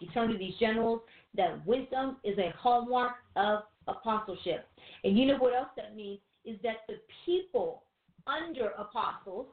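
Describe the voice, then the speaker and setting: A woman co-hosting a Christian teaching show, preaching in a loose, conversational way with rhetorical questions and quick asides. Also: on the high side. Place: room with a few listeners behind the cameras. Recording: tinny phone-like sound in an echoey room.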